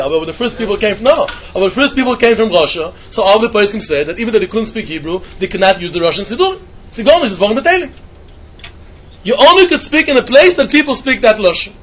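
A man giving a Talmud lesson, talking in a fast singsong that climbs to emphatic peaks. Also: high voice, fairly bright tone, highs cut off, slight background noise. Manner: rapid singsong mix of English and Yiddish with Hebrew terms, rising to emphatic peaks. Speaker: Talmud teacher. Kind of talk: Talmud lecture.

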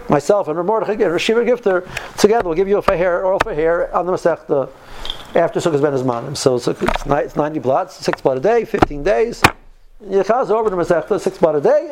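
A man's voice: a little high, background noise. A man in his fifties telling stories in a casual talk, earnest and driving his points home by repeating phrases. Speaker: speaker recounting yeshiva study.

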